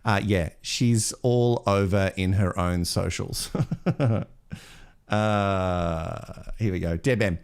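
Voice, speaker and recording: A man's voice: sits low, takes it slowly, clear, resonant tone. Chatty Australian man hosting a gossip show. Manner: chatty, laughing, reading viewer comments. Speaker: host. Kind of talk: live show chat and gossip commentary.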